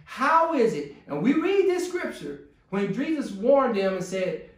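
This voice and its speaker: A man's voice: high-pitched, big pitch swings, measured pace, far from the mic. A man preaching a sermon as pastor to his congregation, building to pleading intensity. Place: church sanctuary. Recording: echoey church room.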